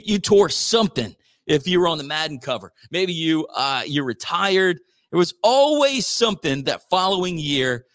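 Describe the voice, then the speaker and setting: High-voiced slangy man chatting. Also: a bit bright. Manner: rambling, slangy, says dude a lot. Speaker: radio show host. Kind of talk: casual sports and news chat.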